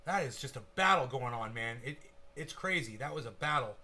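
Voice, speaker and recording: A young man hosting a crypto livestream, giving excitable, profane live market commentary straight to his viewers. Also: mid-range voice, a little fast, a little hiss or hum.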